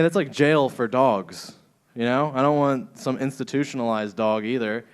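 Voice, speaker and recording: A man's voice: medium pitch, normal speed, clean tone. A man doing a stand-up comedy set in a club, crude and rambling, often laughing at his own jokes.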